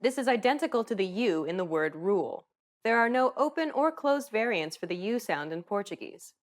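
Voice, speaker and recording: A woman giving scripted narration for a pronunciation lesson, in a clear, even instructional delivery. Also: mid-range voice, moderate pace.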